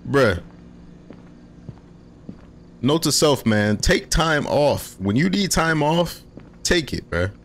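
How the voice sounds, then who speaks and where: A young man hosting a casual horror game let's play, talking in loose slang and getting jumpy and excitable when startled. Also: fairly high pitch, takes it slowly, pauses often, slight background noise. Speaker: gaming channel host.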